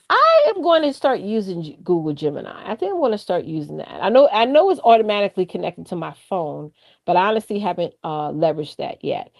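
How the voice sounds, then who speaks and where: A woman co-hosting a live stream, coaching viewers in a chatty, animated way, laughing often and talking straight to the chat. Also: mid-range voice. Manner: drifts off track, repeats key points for emphasis. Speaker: live-stream co-host on branding and AI.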